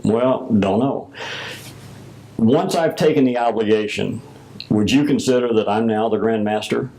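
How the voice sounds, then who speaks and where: An older man with a low voice and a gravelly edge tells his story at an unhurried pace. He recalls old conversations and plays out both sides of each exchange as he goes. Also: mellow, rough recording. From United States. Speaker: former Masonic grand master. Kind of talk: oral history recollection.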